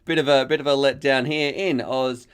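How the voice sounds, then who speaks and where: A man's voice: medium pitch, steady tone, normal speed, smooth. An Australian man with a mid-range voice hosts a casual live stream. He's chatty and upbeat, thinking aloud as he goes.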